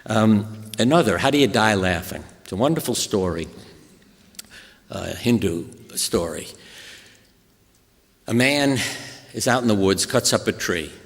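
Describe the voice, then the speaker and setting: An older American man giving a talk to an audience, telling stories in an animated, anecdotal way. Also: on the low side, unhurried, pauses often. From USA. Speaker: guest speaker. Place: hospital auditorium. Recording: echoey hall reverb.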